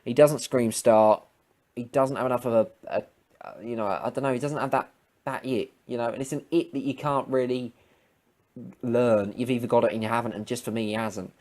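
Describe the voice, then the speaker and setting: A man's voice: mid-range voice, steady tone, darkish tone. Profane rambling guy. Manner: rambling, profane, quick to get heated. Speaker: wrestling preview vlogger. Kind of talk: casual unscripted commentary.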